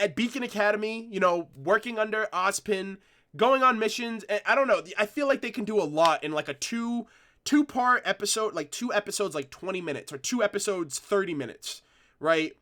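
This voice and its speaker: A man's voice: a little high, bright, forceful tone. A young man hosting a livestream, rambling in casual commentary with lots of restarts and fillers. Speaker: streamer discussing a cartoon episode.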